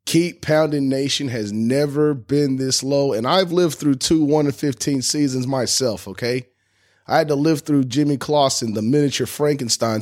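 A man's voice: mid-range voice, darkish tone. A man hosting a fan sports podcast, ranting in a heated, indignant way and cursing freely. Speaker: podcast host.

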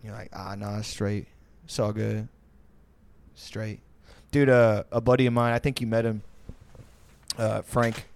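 A man's voice: fairly low pitch, little pitch movement, measured pace, vocal fry, pauses often, clear, resonant tone. Guy rambling thru bar stories on a podcast, swears a lot, lots of uh and like, does goofy voices for people. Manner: loose, profane, rambling with many fillers; slips into mocking voices for people in his stories. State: tipsy. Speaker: podcast host. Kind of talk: casual storytelling.

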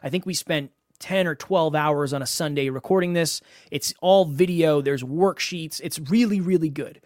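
A man's voice: on the high side, normal speed, dry recording. Emphatic man hosting a podcast. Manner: emphatic, repeats words for stress. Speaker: podcast host and coach. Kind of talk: solo podcast monologue.

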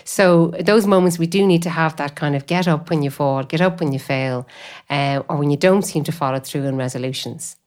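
Low-voiced woman talking faith, rambling. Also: fairly quick, few pauses, a little mellow. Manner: rambling, full of "you know" fillers. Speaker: guest speaker on faith. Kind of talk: conversational spiritual talk.

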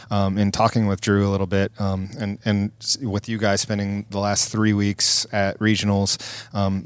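Low flat voiced guy, lotta ums while he makes his point, dry sound. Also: smooth, no room sound. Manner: hesitant, many fillers. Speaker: fitness coach. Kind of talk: casual podcast chat.

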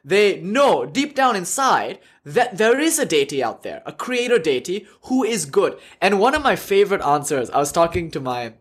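Male lecturer, slightly high voice, lively, laughs and self-corrects while teaching a class. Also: moderate pace, few pauses, breathy edge. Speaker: lecturer on religion.

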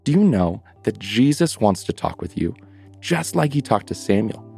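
Gentle low-voiced bedtime storyteller man. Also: sing-song, normal speed, creaky, husky, dry recording, soft background music. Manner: gentle, addresses children with questions.

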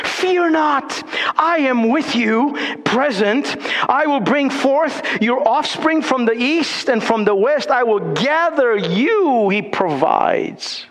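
A male pastor preaching a sermon with passion, rising to urgent peaks and dropping to slow, hushed low phrases. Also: lively intonation. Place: church sanctuary. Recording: long hall reverb.

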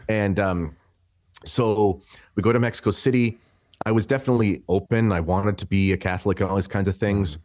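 A man's voice: lowish voice, fairly even intonation, moderate pace, darkish tone, no room sound. A man in his thirties from Canada, a podcast guest telling his story in a rambling, conversational way, full of restarts and fillers.

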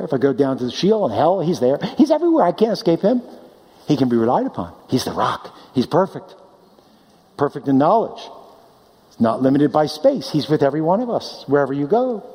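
Animated preacher man in reverberant hall. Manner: animated, swings between loud high declaiming and low quiet asides. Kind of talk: sermon.

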